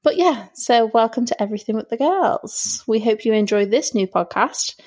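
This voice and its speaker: A woman's voice: fairly high pitch, animated, normal speed, few pauses, darkish tone. Woman, podcast co-host, sarcastic, casual chat, blunt. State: irritated wisdom tooth.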